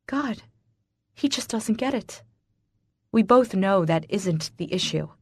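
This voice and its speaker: A woman narrates a first-person romance audiobook with dramatic, emotionally charged delivery. Her voice sits in a middle pitch, and the read is close and dry, with no room sound. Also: animated, slow pace, pauses often, slightly rough, no echo.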